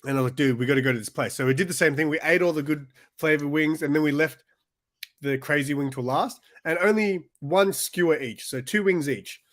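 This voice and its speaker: A man's voice: fairly high pitch, brisk, fairly bright tone. Rambling man, casual chat. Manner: rambling storyteller with many restarts and fillers. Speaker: podcast co-host.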